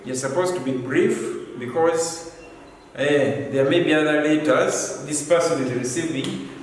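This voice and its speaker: A man's voice: on the high side, a little hiss or hum. A man teaching a class, stressing and repeating key points, recorded from a distance. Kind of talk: classroom lesson. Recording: echoey room from far off.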